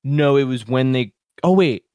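Man, podcast co-host, excitable, laughs a lot, swears casually, middle pitch, dry computer mic. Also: moderate pace, dry recording. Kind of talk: casual horror movie review chat. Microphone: computer microphone.

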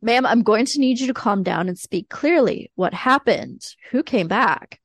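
A woman voicing a male police officer answering a call, steady and procedural. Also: a little high, normal speed, dry recording, studio quality. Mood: firm.

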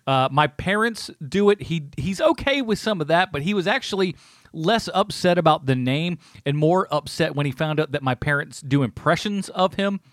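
A man's voice: fairly high pitch, normal speed, no echo, studio quality. A man co-hosting a podcast, talking in casual chat and telling stories with frequent laughter. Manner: lively storyteller, laughs often. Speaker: podcast co-host.

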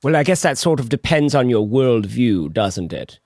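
A man putting on the voice of a pompous older male philosopher, deep and drawn-out, in a podcast chat. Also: very animated, darkish tone, no room sound, studio quality. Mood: grandly musing.

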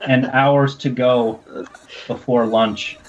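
A man's voice: medium pitch, steady tone, takes it slowly, dull audio, noisy background. A man co-hosting a podcast, reading a silly poem in a mock-serious way and breaking into giggles. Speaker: podcast co-host. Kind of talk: casual chat, comic poem reading.

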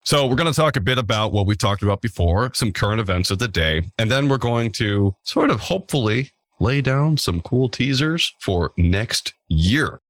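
A man's voice: lowish voice, sing-song, moderate pace, hardly any pauses, no room sound, studio quality. A man hosting a casual podcast, talking in a playful, jokey, upbeat way. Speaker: podcast host.

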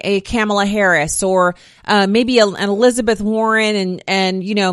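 A woman's voice: mid-range voice, a bit bright, no room sound, clean studio sound. Snarky chatty woman podcast host. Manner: chatty, opinionated, snarky asides. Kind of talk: political commentary podcast.

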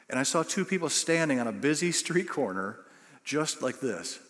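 A man's voice: fairly high pitch, fairly bright tone. A male pastor preaching a sermon, telling a story and building to bursts of emphasis. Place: church sanctuary. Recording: long reverb of a church hall.

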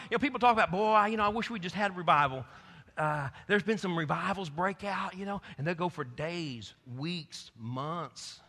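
A male pastor preaching a fervent sermon, swinging between loud exhortation and quiet asides. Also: sits high. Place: church. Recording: long reverb of a church hall.

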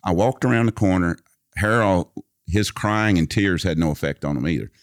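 A man's voice: sits low, expressive, moderate pace, no echo, studio quality. A man telling a personal story in casual conversation. He is a vivid storyteller who recites long passages from memory.

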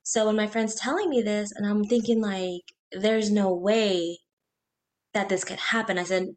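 A woman in her thirties, a guest in an interview, telling a personal story in an earnest, halting way, with restarts and quoted speech. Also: medium pitch, fairly even intonation, a little mellow.

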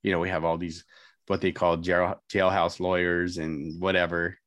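A middle-aged man with a lowish voice tells his own story in an interview, candid and self-mocking, and he slips into the voices of the people he met. The sound is dry and close, with no room behind him. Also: level tone, normal speed, fairly bright tone, dry recording. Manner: candid, self-mocking, laughs often, quotes others. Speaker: guest telling his life story. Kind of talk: casual spoken storytelling.

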